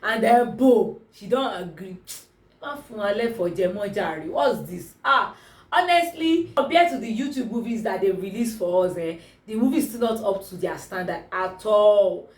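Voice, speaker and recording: A woman with a Nigerian accent reviewing a movie in a casual vlog, talking in an exclamatory, animated way. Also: medium pitch, moderate pace. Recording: roomy, distant mic.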